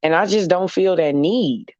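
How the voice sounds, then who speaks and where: A man's voice: high voice, moderate pace, darkish tone, no echo. A man talking casually to camera in an emphatic, sassy, repetitive way, as in a vlog monologue. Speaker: vlogger. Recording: dull, dry lo-fi recording.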